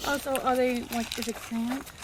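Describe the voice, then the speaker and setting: A woman's voice: a little high, little pitch movement, moderate pace, slight background noise, rough recording. A woman chatting casually at home with her husband, candid and talkative. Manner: chatty, candid, talks in long runs. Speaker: host's wife, co-host.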